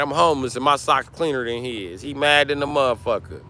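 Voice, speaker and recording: A middle-aged man livestreaming, talking casually to his chat and loudly roasting viewers with heavy profanity. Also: mid-range voice, brisk, few pauses. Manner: profane, loud trash-talking and roasting of chatters.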